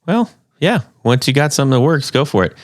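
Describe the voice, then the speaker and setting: A man's voice: mid-range voice, very animated, fast talker, no echo, studio quality. A man hosting a podcast interview, casual and jokey, rambling a little with plenty of fillers. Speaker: podcast host.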